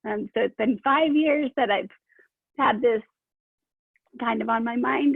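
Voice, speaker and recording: A woman's voice: a little high, normal speed, gravelly, husky, no room sound. A woman yoga graduate giving a bubbly, laughing farewell speech over a video call. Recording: thin phone-like video call, dry.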